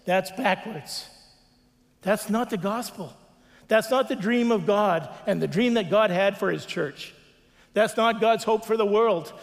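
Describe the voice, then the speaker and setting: A man's voice: high-pitched, long reverb tail. A man preaching a sermon as a pastor, earnest, with repeated refrains and acted-out quotes.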